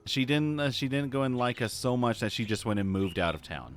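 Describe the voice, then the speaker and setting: A man's voice: medium pitch, animated, a little fast, faint music behind. A man casually chatting while streaming a game, rambling and restarting his phrases. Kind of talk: casual live-stream chat.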